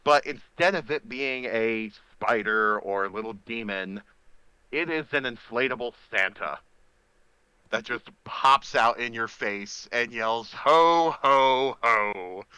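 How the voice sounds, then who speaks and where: A man running a tabletop game as game master, describing scenes and calling for rolls in a relaxed way, with frequent pauses. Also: medium pitch, clean tone, no echo, rough recording. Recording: faint music behind.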